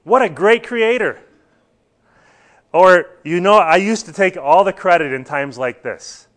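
A man's voice: sits high, expressive, a little slow, a bit bright. A man teaching a church Bible class, talking earnestly and putting questions to his students.

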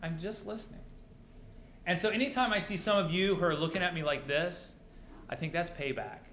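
A man's voice: fairly high pitch, brisk, fairly bright tone, slight background noise. A male pastor preaching a sermon to his congregation, mixing rhetorical questions with dry humor. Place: church sanctuary. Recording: roomy church echo.

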